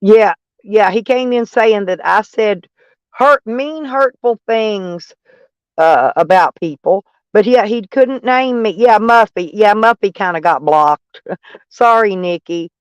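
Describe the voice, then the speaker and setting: Southern guy on a live stream, pretty high voice, rambly and joking on himself, reading out viewer comments. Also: a little slow, clear, resonant tone, no room sound, highs cut off. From Arkansas. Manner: rambling, joking and self-mocking, breaks into laughs.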